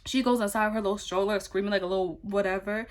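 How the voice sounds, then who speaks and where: A young adult woman vlogger telling a story in casual chat, rambling and animated, full of fillers and swearing. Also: medium pitch, quick pace.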